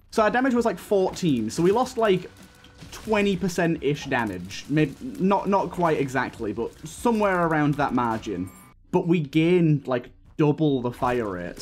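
A man's voice: a little high, expressive, measured pace, darkish tone, faint music behind. A man giving casual, rambling gameplay commentary as a YouTuber, laughing often and restarting his sentences, with hiccups. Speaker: gaming YouTuber.

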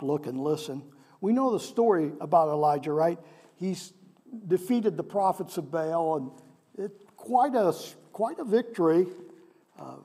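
In a church sanctuary, a man with a fairly high-pitched, dark-toned voice delivers a sermon in a conversational style. He frequently poses questions to the congregation, and the long reverb of a large hall fills the recording.

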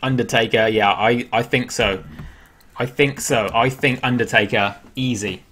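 A man's voice: medium pitch, fairly even intonation, measured pace, fairly bright tone, a little hiss or hum. Chatty English man hosting a livestream. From England. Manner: chatty, answers viewer questions aloud, laughs at himself. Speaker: livestream host. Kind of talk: casual live-stream chat.

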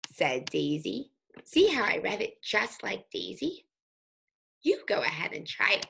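A woman teaching an early reading lesson, speaking slowly and sounding out letters for young children. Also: mid-range voice, gravelly, fairly bright tone, slight background noise. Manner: slow, sing-song, sounding out letters.

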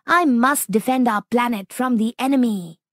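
Woman doing a jumpy, shouty little alien hero. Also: fairly high pitch, normal speed, no room sound, clean studio sound, pitched above the performer's own voice, close to an everyday voice. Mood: determined. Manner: excited, shouting, stammering when scared. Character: jumpy young alien hero boy, hasty.

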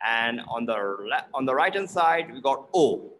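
A man teaching pronunciation, explaining slowly and repeating words aloud to model each sound. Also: mid-range voice, lively intonation, fairly bright tone, a little hiss or hum, low-quality recording.

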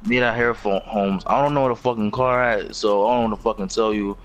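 A man's voice: on the low side, fairly even intonation, fairly quick, soft background music, close to an everyday voice. A man voicing a lazy Mexican man who wants tacos, with a put-on Mexican Spanish accent and drawling broken English. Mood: bargaining.

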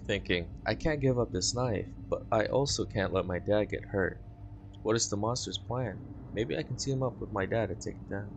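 A man voicing a stubborn young boy in a video game, reading flatly and matter-of-factly. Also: on the low side, normal speed, background noise, lightly acted. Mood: worried.

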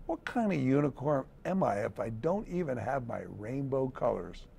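A man voicing a lonely, gentle little boy unicorn in a storybook read-aloud, sometimes lifting his voice high. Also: big pitch swings, normal speed, vocal fry, a little hiss or hum. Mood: sad.

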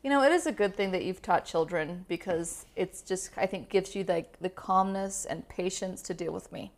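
Teasing woman podcast co-host. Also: fairly low pitch. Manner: teasing, quick banter. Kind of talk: casual chat.

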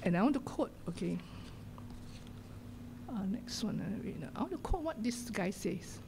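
A middle-aged woman pastor with a Singaporean English accent preaching a sermon in a church, swinging from loud exhortation to hushed whispers. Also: mid-range voice, very animated, unhurried, vocal fry, background noise. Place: church sanctuary.

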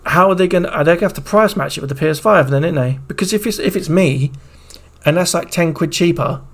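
A man streaming, reacting excitedly to a game trailer in casual, profanity-laced commentary. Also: fairly high pitch, fast talker. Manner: excitable, swears freely, talks over the video.

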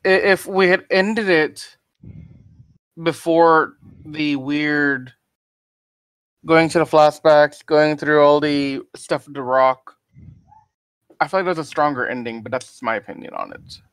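A man co-hosting a casual podcast, relaxed and candid, rambling through his opinions with small stumbles. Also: a little high, measured pace, long pauses, smooth, dry recording. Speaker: podcast co-host.

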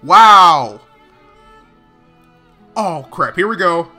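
A man reacting live to what he is watching, his high voice swinging widely between hushed murmurs and excited outbursts. He talks in an unhurried, drawn-out way, full of casual slang. His tone is bright and forward. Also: faint music behind. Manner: excitable, bursting into exclamations and laughs; slangy, casual filler talk. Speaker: reaction video host.

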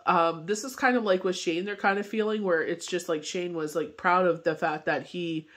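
Man, high voice, tarot reader, casual forecast, rambling, lots of fillers. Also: steady tone, moderate pace, fairly bright tone. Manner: rambling, loose delivery full of "you know" fillers.

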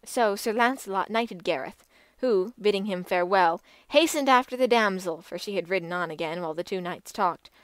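A woman narrating an old legend as an audiobook, in a measured and expressive manner. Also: medium pitch, no room sound. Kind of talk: scripted storytelling narration.

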